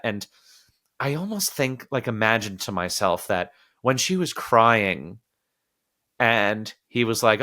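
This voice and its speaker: A man hosting a podcast, talking about a film in an animated, casual way and sometimes quoting characters in little acted voices. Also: medium pitch, unhurried. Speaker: podcast host.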